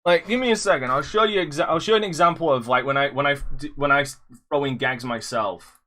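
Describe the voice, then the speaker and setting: Podcast guy, kinda high bright voice, rambly and sweary, cracks up laughing a lot. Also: fast. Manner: rambling, swears freely, breaks into loud laughter. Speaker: podcast host. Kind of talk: casual podcast chat.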